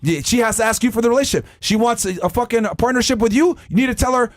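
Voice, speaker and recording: Male podcast host, very high voice, aggressive profane lecturer who shouts his points. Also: racing. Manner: loud, profane, forceful lecturing. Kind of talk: heated podcast rant.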